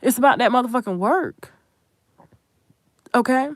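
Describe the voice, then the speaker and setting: A woman's voice: on the high side, lively intonation, measured pace, no room sound. Blunt, profane woman host, dry close mic. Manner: blunt, profane, emphatic, addresses viewers directly. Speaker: commentary channel host. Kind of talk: unscripted commentary monologue.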